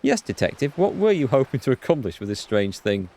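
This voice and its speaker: A man reading as a calm older woman. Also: medium pitch, fairly quick, voice pushed up.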